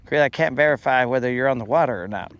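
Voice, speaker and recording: A man's voice: mid-range voice, quick pace, a bit bright, highs cut off. A man hosting a live fishing stream from a boat on a lake, joking around and teasing his chat viewers with mock-dramatic complaints. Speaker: fishing livestream host. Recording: outdoor live stream with faint boat and water noise.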